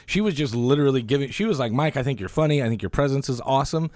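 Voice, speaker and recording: A man hosting a casual podcast, a stand-up comic who rambles with fillers, laughs often and gets excitable. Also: medium pitch, very fast, no echo. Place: indoor podcast room. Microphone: studio mic, also on camera.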